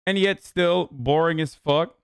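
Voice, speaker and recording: A man's voice: fairly high pitch, measured pace, smooth, dry recording, studio quality. A young man streaming political commentary, ranting bluntly with a lot of swearing and exasperation. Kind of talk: casual livestream commentary.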